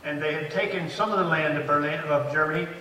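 A man's voice: fairly high pitch, quick pace, pushed and bright, a little hiss or hum. A man in his eighties preaching a sermon as a pastor, stressing points with rising emphasis and frequent restarts. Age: 80s. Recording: echoey hall, voice from far off.

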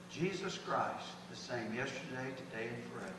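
A man's voice: medium pitch, expressive, normal speed, few pauses, fairly bright tone. A man, preaching a folksy sermon as pastor with emphatic bursts. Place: church sanctuary. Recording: echoey hall from far off, noisy.

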